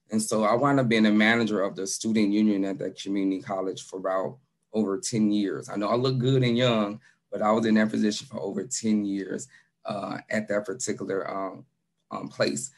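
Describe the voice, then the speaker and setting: A man's voice: fairly low pitch, fairly even intonation, fairly quick. An outgoing man in his forties from Chicago, giving a casual self-introduction to a workshop over a video call from his home. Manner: casual, outgoing, repeats himself. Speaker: career services manager and business instructor.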